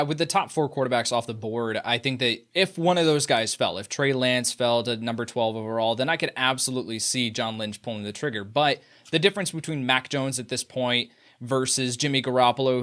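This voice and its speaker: A man's voice: mid-range voice, fairly bright tone. Man explaining a draft trade. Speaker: podcast panelist. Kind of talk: casual sports chat.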